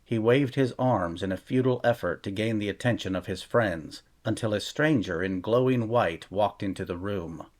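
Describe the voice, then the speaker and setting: Low-pitched man, audiobook narration, measured and steady. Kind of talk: scripted fantasy audiobook narration.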